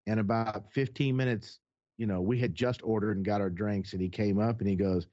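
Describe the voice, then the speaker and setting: A man's voice: lowish voice, fairly even intonation, fairly quick, mellow. A man telling a heated personal story in casual conversation, blunt and profane as he recounts what happened. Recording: dull lo-fi sound.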